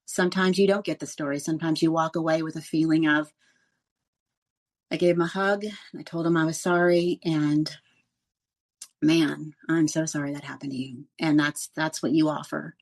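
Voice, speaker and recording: Speaking at a normal speed in a low register, this former radio news reporter, now middle-aged, spins stories during a casual interview. She's lively in the telling and breaks into laughter frequently.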